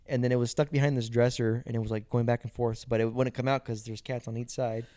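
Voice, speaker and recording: A young man co-hosting a podcast, telling stories in casual chat, animated and profane, laughing often. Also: mid-range voice, quick pace, no room sound, studio quality. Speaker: podcast co-host.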